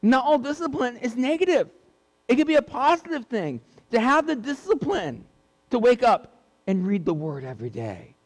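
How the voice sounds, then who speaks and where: A man with a high voice preaches an earnest sermon. He repeats key points to drive them home. His voice rings out with a long reverb, as in a church hall. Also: sing-song, moderate pace.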